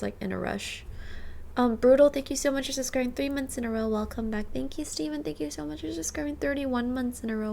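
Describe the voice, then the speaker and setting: A woman's voice: on the high side, vocal fry, a little hiss or hum. A woman in her twenties chatting casually with her stream viewers, bubbly and full of "like", thanking subscribers by name. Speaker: livestreamer. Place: rented apartment.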